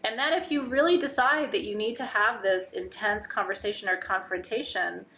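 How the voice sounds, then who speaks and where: A woman with a bright, clear voice at an ordinary pitch, teaching in a loose, candid live-stream way. She keeps asking rhetorical questions, tags "right?" onto her points and now and then swears. Faint noise sits under her voice. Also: normal speed. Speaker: spiritual teacher hosting a live online ritual. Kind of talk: casual live-stream teaching, reading viewer comments.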